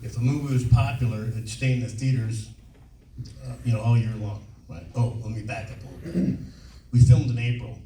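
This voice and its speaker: A man's voice: mid-range voice, fairly quick, warm tone. A man in his sixties telling rambling, profane anecdotes with frequent laughs as a guest on a convention panel. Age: 60s. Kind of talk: casual storytelling on stage. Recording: echoey hall, distant mic, faint hiss.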